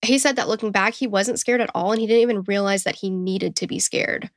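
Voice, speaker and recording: A woman with a Southern US accent, co-hosting a true crime podcast in a relaxed, chatty way. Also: mid-range voice, a little fast, no room sound, studio quality. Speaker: podcast co-host. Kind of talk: casual true crime storytelling.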